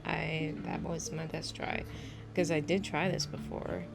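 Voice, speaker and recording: A woman's voice: low voice, level tone, measured pace, gravelly, over music. A woman casually narrating her gameplay on a laptop mic, rambling and hesitant with a self-deprecating manner.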